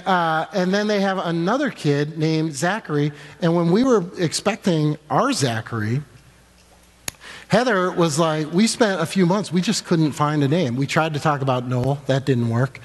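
A man preaching a sermon to a congregation, telling a funny personal story and acting out the dialogue in voices. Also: fairly high pitch. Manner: animated, acts out dialogue in quoted voices. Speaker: pastor. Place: church sanctuary before a congregation. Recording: long echoing reverb of a large hall.

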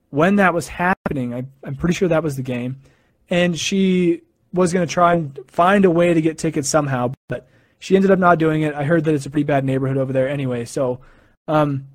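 A young man with a slightly high voice rambles casually about sports to his viewers. He talks in loose run-on stretches and corrects himself as he goes. The sound is dry and close. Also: dry recording. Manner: rambling, chatty, with fillers and self-corrections. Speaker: live stream host.

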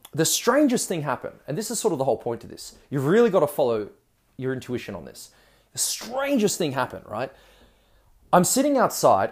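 Man, casual storytelling, chatty asides, very lively pitch swings. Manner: animated, chatty, frequent asides and laughs.

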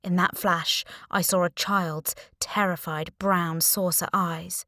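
Young woman, audiobook narrator, lowish voice, dry close recording, wry storytelling. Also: steady tone, slow pace, sharp tone, no echo. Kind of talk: first-person audiobook narration.

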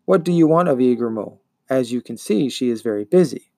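A man voicing a greedy female monster made of a buzzing insect swarm, in a slow, hoarse, menacing storybook voice. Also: animated, darkish tone, no echo, lightly acted. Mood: annoyed. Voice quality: high and slightly hoarse, buzzing.

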